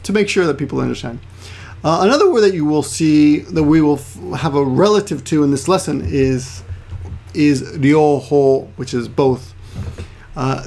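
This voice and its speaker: A Japanese language teacher with a gravelly, darkish, somewhat high voice gives a casual explanatory lesson. His delivery is chatty and rambling, full of restarts and side remarks.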